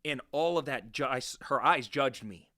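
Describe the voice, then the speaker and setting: A man speaks as a guest with a bright, tense edge to his voice. He tells his story candidly and uses a lot of profanity, dropping low and then rising loud. The sound is close and dry, with no room echo. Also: normal speed. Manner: animated, profane, swings from hushed to loud. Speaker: guest, real estate investor.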